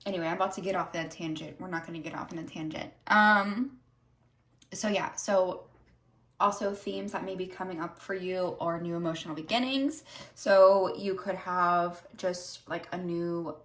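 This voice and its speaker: A woman's voice: on the low side, normal speed. A young woman giving a casual tarot reading, rambling earnestly with many "like"s and "um"s. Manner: rambling, earnest, heavy use of 'like' and 'um'. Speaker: tarot reader. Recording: roomy echo.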